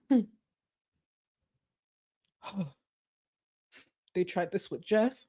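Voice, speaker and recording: Low voiced girl streamer going off, jokey and over the top dramatic, swears a lot. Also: normal speed, darkish tone, dry recording, studio quality. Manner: mock-dramatic, swears freely, joking asides. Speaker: streamer reacting to clips. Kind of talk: casual live-stream commentary.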